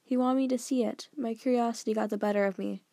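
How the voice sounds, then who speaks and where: A woman voicing a sensible, curious teenage girl who speaks in a reasonable, gently persuasive way, close to her own voice. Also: on the high side, fairly even intonation, quick pace, no room sound. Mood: earnest.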